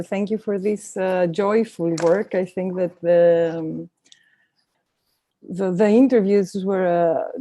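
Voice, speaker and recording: A woman's voice: mid-range voice, dark tone, dry recording. A woman moderating a live-stream discussion, asking questions with many hesitations and fillers.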